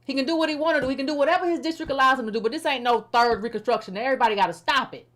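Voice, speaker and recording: Blunt, high-voiced woman commentator. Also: rapid-fire, fairly bright tone. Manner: blunt, repetitive, exasperated criticism with informal speech. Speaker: political commentator. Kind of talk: casual commentary.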